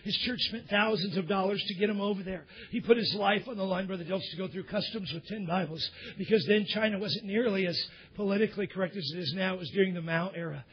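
A male pastor preaching a sermon in church, swinging from loud emphatic bursts down to near whispers. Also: sits high, fast, few pauses, breathy edge, highs cut off.

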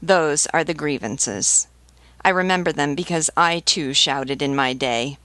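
A disdainful old marquis with impeccable breeding speaks in a low, level voice, as a woman reads him aloud. He never presses a word, letting his contempt sit quietly under every calm phrase. The voice sounds close and dry, as in a storybook reading. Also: dry recording. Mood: calm, scornful. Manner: calm, unhurried, unstressed delivery. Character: aged aristocratic male marquis, calm, scornful, well-bred.

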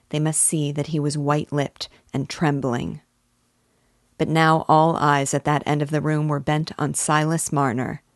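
A woman teacher reading a classic novel aloud in a measured, deliberate way. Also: low-pitched, no echo, studio quality.

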